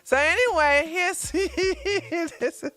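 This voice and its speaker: A woman's voice: very high voice, slow pace, a bit bright, no room sound. A woman hosting her own news commentary vlog, talking casually and animatedly to her viewers and laughing often.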